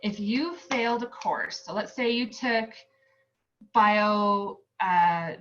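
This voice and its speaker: Woman, young adult, American accent, casual lecture, chatty, filler-heavy, mid pitch, slightly dull audio. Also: slow, fairly bright tone. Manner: chatty, rambling with many ums, upbeat. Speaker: nursing student tutor.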